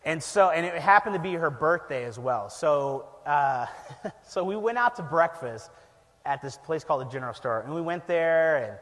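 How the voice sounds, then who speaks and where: A high-pitched male pastor spins an animated, self-deprecating story from the pulpit, laughing as he goes. His voice rings out with long church hall reverb. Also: normal speed. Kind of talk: storytelling sermon.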